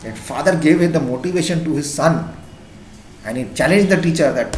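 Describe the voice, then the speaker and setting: A man's voice: on the high side, normal speed, darkish tone, slight background noise. A man with an Indian accent giving an impassioned classroom lecture as a teacher. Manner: impassioned, emphatic. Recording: echoey classroom.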